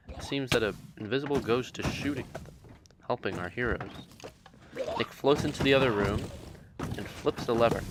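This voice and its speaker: A man narrating a video game adventure in a deliberate, deadpan monotone narrator voice. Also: medium pitch, very noisy. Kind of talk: comic gameplay narration.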